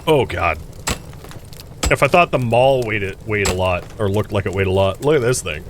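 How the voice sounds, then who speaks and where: Guy doing casual let's play commentary, bouncy lively voice, chuckles a lot, talks to chat. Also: on the low side, moderate pace, background noise. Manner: chatty, thinks aloud, chuckles often; addresses viewers directly.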